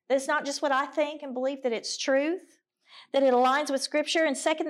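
High-voiced woman preaching to women. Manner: direct, candid and earnest. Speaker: women's ministry speaker. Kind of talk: conversational sermon with scripture reading.

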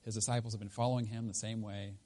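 A man preaching a sermon in a conversational, emphatic way, his voice rising loud and dropping low. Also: level tone, quick pace. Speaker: pastor.

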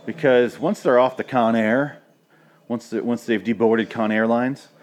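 A man's voice: medium pitch, steady tone, unhurried, slight background noise. A man casually reviewing a movie, rambling and sarcastic, with a lot of swearing.

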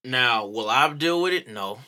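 Animated bright-voiced man in casual chat. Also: medium pitch, measured pace, clear, resonant tone. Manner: animated, profane, laughs a lot, acts out quotes.

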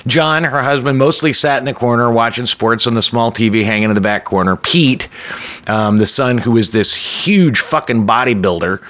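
A man recounting a personal story in a loose, casual way. He rambles a little, throws in "like" and restarts. His voice sits at an ordinary middle pitch. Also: normal speed, a bit bright. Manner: loose and conversational, lots of "like" and restarts.

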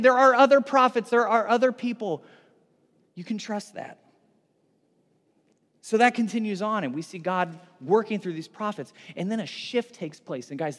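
A man preaching a sermon, retelling a scripture story with animated, excited delivery and frequent restarts. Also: high-pitched, big-room sound. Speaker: pastor.

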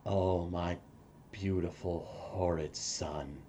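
A man voicing a grieving young male villain who speaks in a hushed, sorrowful way. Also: low voice, steady tone, takes it slowly, slight background noise, pitched below the performer's own voice. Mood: hushed grief.

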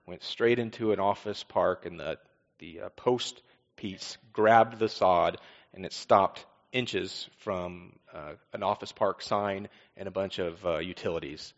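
Male pastor, low voice, conversational sermon with repeated refrains, dull recording with long hall reverb. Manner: conversational preaching with rhetorical questions and repeated refrains.

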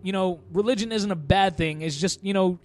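A high-pitched man talks casually with a friend about movies, swearing freely and breaking into laughter. His voice sits high for a man and stays loose and relaxed. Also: fairly quick. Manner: swears a lot, laughs often, acts out quotes loudly. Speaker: podcast co-host. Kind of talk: casual chat.

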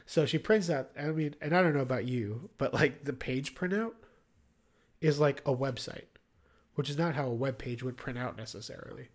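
A man's voice: mid-range voice, moderate pace. A man co-hosting a podcast, recapping a TV episode in a joking, offhand way with plenty of fillers. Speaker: podcast co-host. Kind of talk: casual chat recapping a TV episode.

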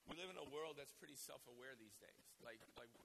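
Hoarse, raspy male preacher. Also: mid-range voice, a little fast, background noise. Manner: emotional, repeats words when starting phrases. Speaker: pastor. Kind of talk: sermon.

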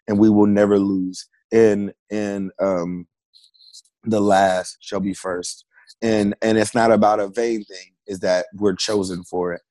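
A musician guest in a casual interview, talking in an animated, slangy way and laughing often. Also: male voice, lowish voice, no echo.

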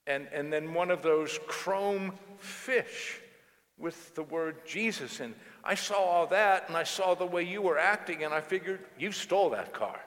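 A man voicing a polite male police officer who calmly and matter-of-factly explains an arrest. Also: high voice, unhurried, slight background noise, voice pushed up. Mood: explaining. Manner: patient, matter-of-fact, polite "ma'am". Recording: long church reverb.

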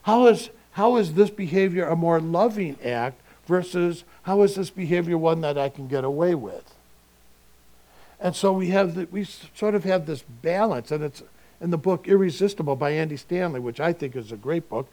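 A male pastor giving a sermon in a relaxed, conversational way, asking his listeners rhetorical questions. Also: on the high side, moderate pace.

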